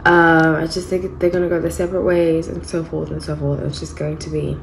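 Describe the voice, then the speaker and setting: A woman's voice: low-pitched, level tone, fairly quick, vocal fry, a little hiss or hum, low-quality recording. A woman in her thirties giving a casual, rambling tarot reading and correcting herself as she goes. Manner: chatty, rambling, frequent self-corrections. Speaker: tarot reader.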